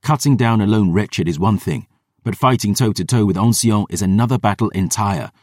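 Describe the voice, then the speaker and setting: A man's voice: on the low side, fairly quick, a little mellow, no room sound, studio quality, natural voice. A man voicing a weary, hard-drinking veteran warrior who talks bluntly and swears. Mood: stern. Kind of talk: audiobook character voice.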